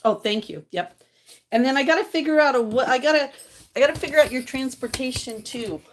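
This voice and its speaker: A woman's voice: sits high, animated, a little fast, slight background noise. This is a middle-aged woman talking loosely to her live-stream viewers. She rambles happily, breaks into laughter, and reads out comments along the way. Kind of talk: casual live-stream chat.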